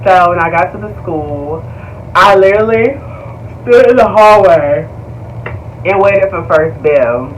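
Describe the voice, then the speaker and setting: Young man, high voice, casual storytime vlog, animated and profane, slightly distant mic. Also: a little slow, a little hiss or hum. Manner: animated, slangy and profane, talks to viewers as y'all. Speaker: vlogger.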